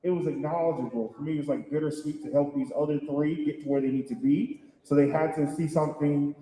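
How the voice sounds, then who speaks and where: An upbeat man moderates a convention panel and encourages fans as he talks. His tone is mellow and slightly high, and the hall around him rings with a long reverb. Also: fairly even intonation, fast talker. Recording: echoey hall.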